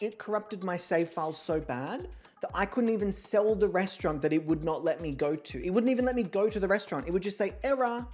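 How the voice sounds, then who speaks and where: Chatty woman streamer, lively pitch. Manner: chatty, thinking aloud. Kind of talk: casual live-stream chat. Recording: faint music underneath.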